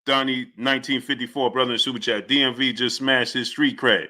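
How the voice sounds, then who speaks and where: Male livestream host, excitable, shifts from loud to muttered, bright tone. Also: medium pitch, fairly quick, few pauses. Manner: excitable, reads out viewer messages, swings between loud and muttered. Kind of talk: livestream boxing commentary.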